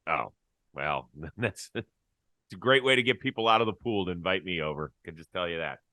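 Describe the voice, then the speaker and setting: Low, bright-toned male sports talk host. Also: lively intonation, brisk, dry recording. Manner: wry, chatty, laughs easily.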